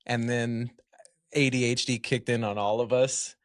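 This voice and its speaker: Male podcast guest, mid-pitched, dry close sound, rambling anecdotes. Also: steady tone, unhurried, no room sound. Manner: rambling, self-deprecating storytelling. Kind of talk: casual storytelling chat.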